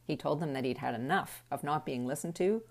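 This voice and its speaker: A woman's voice: sits low, brisk, darkish tone. A middle-aged woman telling a personal story in a wry, reflective way.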